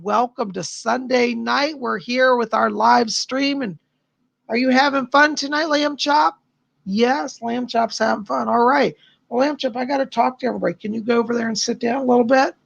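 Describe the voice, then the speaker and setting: A man's voice: extremely high pitch, fairly even intonation, normal speed, vocal fry, fairly bright tone, no echo, highs cut off. A man hosting a live stream as a psychic, chatting casually with viewers in a bubbly, gushing way and laughing often.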